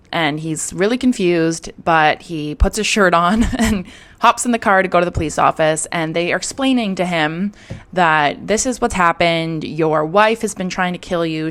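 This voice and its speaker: A young woman tells a true-crime story in a casual, chatty way. Her voice sits fairly low, and she talks candidly, with plenty of fillers and the odd swear.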